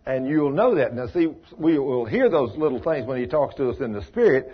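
A man's voice: mid-range voice, sing-song, fairly quick, few pauses, slightly rough. A man teaching an informal Bible study, folksy, asking listeners questions and calling them by name. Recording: dull lo-fi recording.

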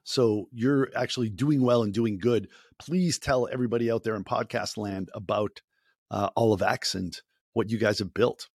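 A man's voice: lowish voice, fairly even intonation, normal speed, darkish tone, breathy edge, no echo, clean studio sound. A man hosting a podcast interview, introducing his guest with upbeat showmanship before settling into a chattier tone. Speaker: podcast host.

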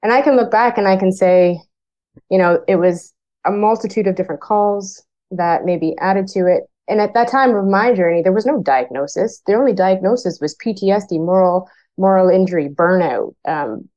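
A woman's voice: medium pitch, moderate pace, darkish tone, dull audio. A woman from Canada who works as a firefighter, telling her story frankly and plainly, acting out remembered conversations. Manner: frank, plain-spoken, acts out remembered dialogue. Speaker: firefighter guest. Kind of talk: candid personal storytelling.

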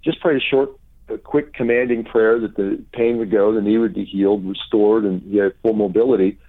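A middle-aged man, a pastor, telling healing stories in an interview and acting out the people he quotes. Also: fairly quick. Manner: animated storyteller, acts out quotes with high pitch jumps. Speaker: pastor and author, guest. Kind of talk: conversational interview, storytelling. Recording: tinny phone-line audio.

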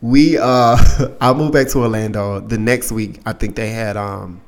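A young man with a fairly low voice tells a story from his own life on his podcast. He talks in a loose, candid way and swears freely. His voice gets livelier when he acts out what other people said. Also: measured pace. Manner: candid, profane, animated when quoting others. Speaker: podcast host. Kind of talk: casual storytelling.

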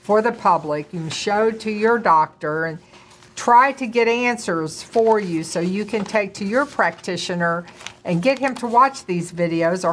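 A middle-aged woman co-hosting a casual talk and speaking earnestly and emphatically to viewers. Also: medium pitch. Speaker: co-host, doctor's wife. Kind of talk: casual conversational chat.

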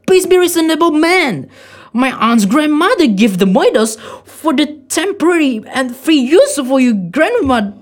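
A man playing a nervous, hypochondriac young suitor who gets agitated and shouts in a quarrel. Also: extremely high pitch, big pitch swings, a little slow, heavily acted. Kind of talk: amateur stage play reading.

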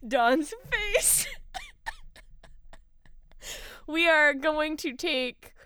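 A woman's voice: sits high, animated, drawn-out words, pushed and bright, a little hiss or hum. A young woman co-hosting a casual podcast, laughing often and rambling through restarts. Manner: giggly, rambling, frequent restarts. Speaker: podcast co-host.

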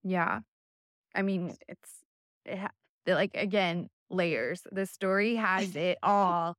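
A woman's voice: fairly low pitch, slow, fairly bright tone, no echo, studio quality. A woman podcast co-host reflecting in a thoughtful, hesitant way, often searching for words. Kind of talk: reflective conversation.

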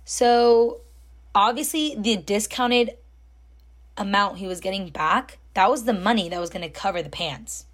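A young woman telling a story in a casual, chatty way, full of fillers and animated when she quotes people. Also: medium pitch, a little slow. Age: young adult. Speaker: storytime host.

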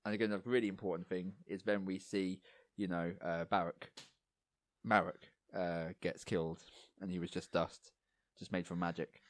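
A man co-hosting a casual podcast chat, rambling with lots of fillers and going a little hoarse. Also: low-pitched, flat delivery, normal speed, no echo. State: losing his voice, coughing. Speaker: podcast co-host.

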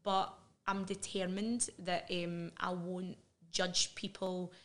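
A woman's voice: fairly low pitch, flat delivery, fairly bright tone. A middle-aged Scottish woman, a podcast guest, talking frankly and earnestly about her past in a candid interview. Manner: earnest, frank, quick asides and laughs.

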